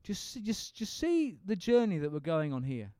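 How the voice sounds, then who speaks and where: A man teaching a Bible seminar, animated and acting out the speakers in the story. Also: sits high, moderate pace, smooth, no room sound. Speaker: preacher leading a seminar. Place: seminar room with an audience.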